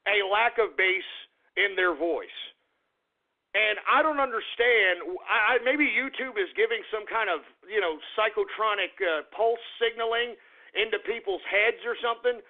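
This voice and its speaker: Male talk radio host, high gravelly voice, indignant profane rant, tinny phone-line sound. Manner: profane, rambling, indignant rant with repeated "man". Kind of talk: ranting talk radio monologue.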